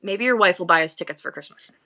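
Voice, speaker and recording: A middle-aged live-selling host speaks quickly in a fairly low, bright, forceful voice. She chats casually on her stream, playful and bubbly in an exaggerated customer-service manner, rambling across subjects.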